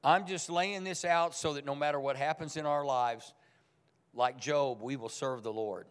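A man's voice: medium pitch, normal speed, clean tone, in a large hall. A man preaching a sermon as pastor, speaking in a conversational but emphatic way. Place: church sanctuary.

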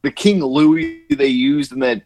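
A man's voice: medium pitch, fairly even intonation, a little slow, warm tone, soft background music. A man co-hosting a podcast, telling rambling stories in casual chat and swearing a lot. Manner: profane, rambling storyteller. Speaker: podcast co-host.

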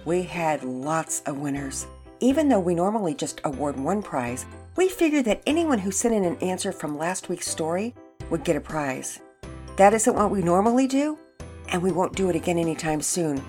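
A woman hosts a program and reads a children's story aloud in a clear, storytelling manner. Her voice sits a little low and swings widely as she animates the tale. Faint music plays underneath. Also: very animated, moderate pace, a little mellow. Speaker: storyteller and host.

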